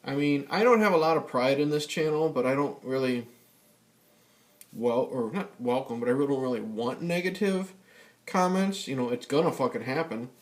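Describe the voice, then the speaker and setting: A man's voice: medium pitch, normal speed. A man vlogging a casual rant, swearing often and rambling with many fillers and restarts. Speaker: YouTube vlogger. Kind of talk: casual ranting vlog.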